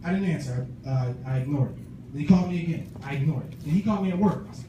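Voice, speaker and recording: A man doing a stand-up comedy set at an open mic, telling animated stories and acting out his friends' voices. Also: on the high side, rapid-fire. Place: small comedy club stage. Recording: echoey room, far mic, noisy.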